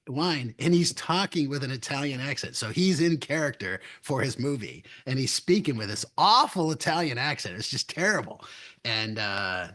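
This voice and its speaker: Middle-aged male podcast co-host, mid-pitched voice, rambling anecdotal delivery, chuckles between restarts. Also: fairly bright tone. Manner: rambling storyteller, chuckles often, frequent restarts. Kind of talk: casual chat.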